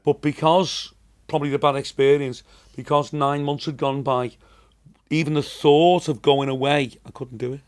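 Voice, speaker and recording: A man's voice: fairly high pitch, steady tone, normal speed. A man in his sixties with a Liverpool accent, a comedian telling rambling, chatty anecdotes as a podcast guest. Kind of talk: casual storytelling.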